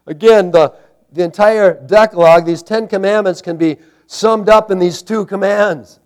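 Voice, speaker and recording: Fervent preaching man, fairly high voice. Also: moderate pace, darkish tone. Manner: emphatic preaching with rising intensity and repetition. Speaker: pastor. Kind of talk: sermon.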